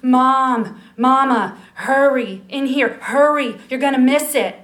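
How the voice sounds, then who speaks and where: A woman's voice: mid-range voice, measured pace, lightly acted. A woman voicing an eager, insistent little boy who calls out urgently in a story. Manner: urgent, calling out loudly.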